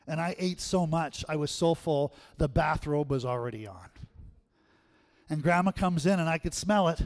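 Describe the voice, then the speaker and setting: A man preaching with animated energy, his voice a little higher than most men's. He swings between loud punchy bursts and quiet asides, laughing as he tells stories. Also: moderate pace. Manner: animated storytelling, laughs often. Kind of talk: sermon.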